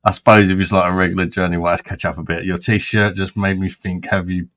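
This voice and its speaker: A man's voice: low-pitched, flat delivery, brisk, fairly bright tone. A man hosting a casual beer review, blunt and sweary, and he laughs often. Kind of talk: casual chat.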